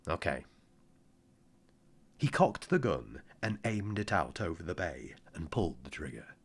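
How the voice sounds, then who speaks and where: Deep-voiced man narrating an audiobook. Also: very animated, moderate pace, breathy edge.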